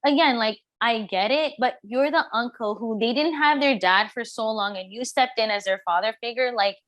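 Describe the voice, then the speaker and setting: A woman's voice: a little high, moderate pace, fairly bright tone, dry recording. Emphatic woman guest, dry close sound. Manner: emphatic, opinionated, with small restarts. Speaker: podcast guest. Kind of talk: casual chat.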